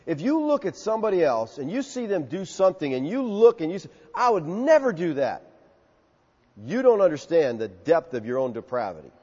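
A man's voice: fairly high pitch, sing-song, a little fast, darkish tone, husky. A male pastor preaching an expository sermon in an emphatic, conversational way, acting out quotes. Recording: muffled sound with long hall reverb.

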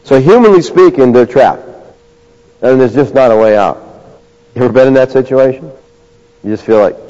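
A man preaching a sermon, conversational, moving between quiet asides and raised, emphatic bursts. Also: mid-range voice, moderate pace, pauses often. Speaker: pastor. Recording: dull lo-fi sound.

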